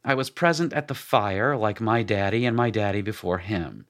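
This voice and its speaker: A man's voice: on the low side, animated, normal speed, fairly bright tone. A man reading a story, voicing a jovial, shrewd male armorer who bargains with folksy wit. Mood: wry.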